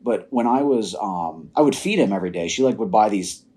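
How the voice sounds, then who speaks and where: A young adult man, a podcast guest, telling personal stories in a casual, animated way and laughing now and then. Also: on the low side, fairly quick. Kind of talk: casual storytelling.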